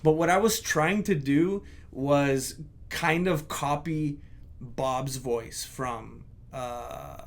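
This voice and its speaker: A video creator, a man, looking back on his old videos in casual reflective commentary, candid and self-critical, pausing often. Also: medium pitch, lively intonation.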